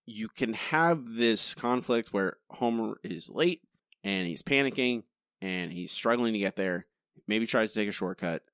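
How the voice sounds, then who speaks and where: A man's voice: on the low side, no echo, clean studio sound. A man co-hosting a podcast, critiquing a TV episode in casual, emphatic talk with lots of restarts. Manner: animated, emphatic, many restarts. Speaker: podcast co-host.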